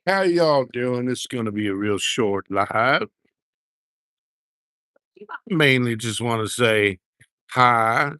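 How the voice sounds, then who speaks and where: A man chatting casually to his livestream viewers in a folksy, drawling manner. He speaks slowly, with an average-pitched voice. The sound is dry and close, picked up on a handheld camera rig. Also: animated, sharp tone, clear, resonant tone, dry recording. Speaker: livestream host. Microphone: handheld gimbal camera.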